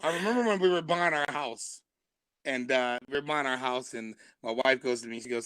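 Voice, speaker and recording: A man's voice: medium pitch, fairly quick, a bit bright, clean tone, no echo. A man, a stand-up comedian, telling a long comic story on a live stream and laughing through his punchlines.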